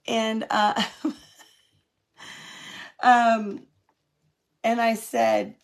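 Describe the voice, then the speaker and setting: Working through a live-streamed craft demo, a middle-aged Californian woman laughs frequently and responds to viewers' comments as she goes. She speaks extremely slowly with frequent pauses, in a fairly high voice that barely moves in pitch.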